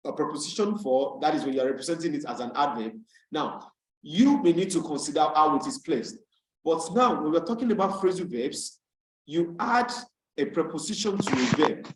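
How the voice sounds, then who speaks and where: Male online tutor, slightly high voice, patient and repetitive delivery, echoey call sound. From Nigeria. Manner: patient, repeats key points. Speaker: English tutor. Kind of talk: online class lecture. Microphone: video call. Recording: roomy video call audio.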